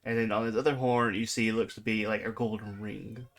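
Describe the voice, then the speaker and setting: A man's voice: lowish voice, little pitch movement, a little fast, fairly bright tone. A man narrating as game master in a tabletop game, describing things hesitantly with many fillers.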